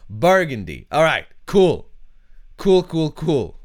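A man's voice: on the low side, expressive, moderate pace. A man hosting his podcast in casual chat, rambling and searching for words as he answers listener questions. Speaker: podcast host.

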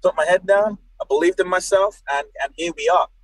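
Animated man with a dry sound. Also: sits high, fairly quick, dry recording, low-quality recording. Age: late 20s. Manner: animated, jokey storyteller. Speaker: professional wrestler, guest. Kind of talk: casual podcast chat.

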